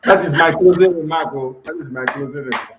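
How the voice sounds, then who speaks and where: A man's voice: a little high, fast, background noise. A man giving a formal, saluting closing remark with some amusement. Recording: roomy echo.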